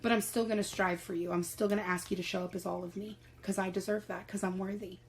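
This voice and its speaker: A woman gives a spiritual reading to her viewers, in an encouraging tone that keeps coming back to the same phrases. Her voice sits at an ordinary middle pitch for a woman. Now and then she swears in passing, casual and unguarded. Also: fairly even intonation, fast talker, slight background noise, rough recording. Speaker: tarot reader.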